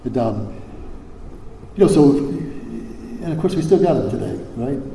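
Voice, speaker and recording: An older man from Hawaii gives a recovery convention talk in a mellow, relaxed voice, with lots of fillers, restarts and blunt salty words. His voice rings through a large echoey hall with a long reverb tail and a faint background hum. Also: medium pitch, measured pace. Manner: rambling, many fillers and restarts, salty language. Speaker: convention speaker.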